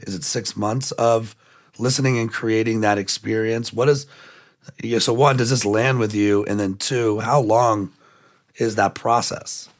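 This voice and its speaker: Low-voiced man, rambling podcast host. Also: unhurried. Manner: animated, rambling, acts out quoted voices. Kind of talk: conversational interview.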